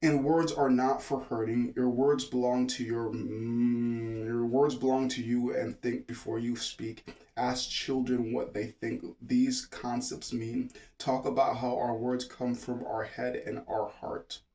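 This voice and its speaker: A man's voice: medium pitch, level tone, unhurried, mellow. A man casually reading a children's book aloud, stopping often to ramble and joke. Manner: digressive, jokey, stop-start reading.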